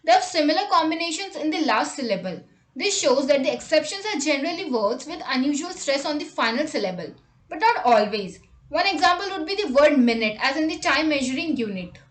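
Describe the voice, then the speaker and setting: A woman reading a scripted English vocabulary lesson, saying example words and sentences slowly and deliberately. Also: high voice, lively intonation, echoey room. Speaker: English teacher.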